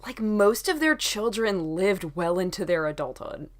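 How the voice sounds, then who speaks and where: A woman co-hosting a podcast, teasing and animated in casual chat. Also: mid-range voice, a little slow. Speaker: podcast co-host.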